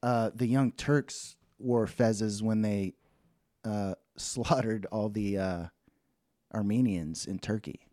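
A man's voice: on the low side, slow pace, warm tone, dry recording, clean studio sound. A man co-hosting a podcast in casual chat who rambles, restarts his sentences and laughs often. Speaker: podcast co-host.

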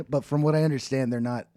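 A man's voice: mid-range voice, steady tone, moderate pace, dark tone, no room sound. Rambling, laughing man on a dry mic. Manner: rambling, laughs often, trails off and restarts. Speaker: podcast co-host. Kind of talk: casual chat.

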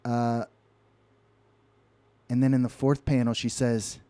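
A man's voice: medium pitch, level tone, takes it slowly, pauses often, mellow, no room sound. Wry man reading comics, dry sound. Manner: wry, reads comic captions aloud. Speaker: podcast co-host. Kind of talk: casual comedic chat.

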